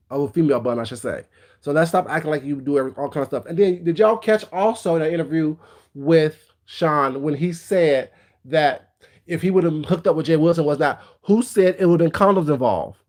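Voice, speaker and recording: A man's voice: on the high side, a little mellow. A man hosting a casual livestream, giving blunt, gossipy commentary and greeting viewers by name. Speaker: livestream host.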